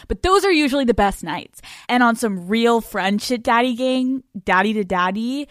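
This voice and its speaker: A woman's voice: a little high, expressive, normal speed, hardly any pauses, no echo, clean studio sound. A woman hosting a podcast alone from a hotel room, talking in a brash, profane, playful way into a microphone set on a bed. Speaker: podcast host. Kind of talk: casual solo podcast monologue.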